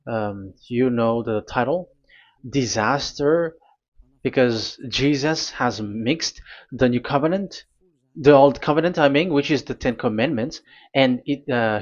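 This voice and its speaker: A man preaching a sermon, speaking in halting, deliberate phrases that break into sudden emphatic bursts. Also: medium pitch, highs cut off.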